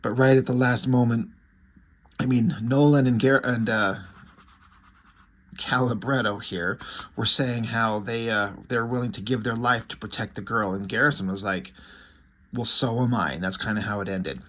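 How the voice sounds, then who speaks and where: A comic book reviewer gives a casual, rambling recap and commentary, offhand and full of fillers and restarts. His mid-range voice is fairly bright, with fairly even intonation and a moderate pace.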